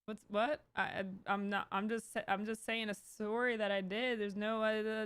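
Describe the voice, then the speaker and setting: A woman in her thirties streaming live, talking casually in a rambling, animated way with many restarts and bursts of exasperation. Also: medium pitch, moderate pace, few pauses, clear, resonant tone, no echo. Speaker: Twitch streamer hosting her own stream. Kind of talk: casual livestream commentary.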